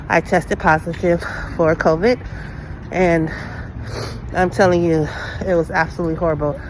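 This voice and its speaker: A woman's voice: fairly low pitch, slight background noise, rough recording. Sick woman vlogging, short of breath. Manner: rambling, chatty, talking while driving and walking. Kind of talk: casual vlog chat. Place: in a car, then indoors at home.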